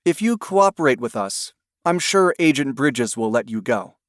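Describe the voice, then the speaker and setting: A man voicing a calm, assured woman who handles a search dog. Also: medium pitch, normal speed, no echo, studio quality, lightly acted.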